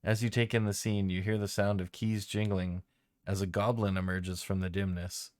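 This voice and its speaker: A man narrating a tabletop game as game master in a relaxed, somewhat hesitant way. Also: low-pitched, normal speed, no room sound, clean studio sound.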